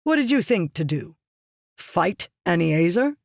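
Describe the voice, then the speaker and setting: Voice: mid-range voice, lively intonation, unhurried, darkish tone, dry recording, clean studio sound. An audiobook reader voicing a ruthless, scheming merchant man who talks down to others in a curt, lecturing way. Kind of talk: audiobook character reading.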